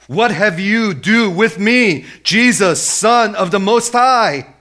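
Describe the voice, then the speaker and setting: A preacher voicing a tormented male demon that cries out loudly and pleads for mercy in drawn-out words. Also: high-pitched, expressive, pitched above the performer's own voice, exaggerated voice. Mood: anguished.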